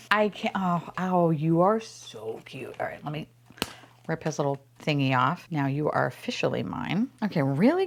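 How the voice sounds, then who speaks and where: A woman chats through a toy unboxing in a casual, gushing way. Her pitch swoops up and down, and she squeals and curses as each box opens. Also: big pitch swings, slow pace, fairly bright tone. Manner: gushing, squeals and swears often. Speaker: unboxing vlogger.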